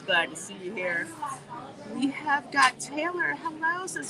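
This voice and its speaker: A woman hosting a casual livestream while walking through a theme park, reading viewer comments and chatting in an animated way. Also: high voice, unhurried, crowd noise. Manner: chatty and animated, warm greetings, laughs often. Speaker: livestream host. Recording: noisy outdoor livestream audio. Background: park ambience and music.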